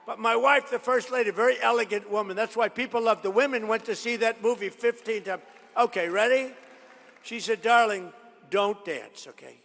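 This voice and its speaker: Gravelly older man rambling at a rally. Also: extremely high pitch, steady tone, fairly quick, fairly bright tone. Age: 70s. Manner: rambling, boastful, digressive storytelling. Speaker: political speaker. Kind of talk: rally speech. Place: large college hall. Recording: reverberant hall sound.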